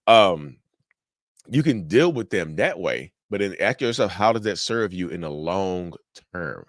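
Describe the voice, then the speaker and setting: Man, deep-ish voice, dry close sound; casual, direct advice host. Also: expressive, moderate pace, dry recording. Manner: direct, repetitive, addresses viewers as y'all. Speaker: mental health channel host.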